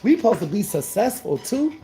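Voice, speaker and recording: A man's voice: high-pitched, very animated, brisk, creaky, warm tone, faint music behind. A man coaching his viewers through scripture in an emphatic, repetitive, preacher-like cadence, asking questions and answering them himself. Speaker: life coach. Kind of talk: motivational scripture talk to viewers.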